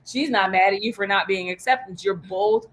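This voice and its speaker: A woman coach leads a live workshop, full of energy and storytelling. She slips into quoted voices as she goes and swears casually, in a middle-range voice that is neither high nor low. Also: normal speed, fairly bright tone, slight background noise, rough recording. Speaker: business coach.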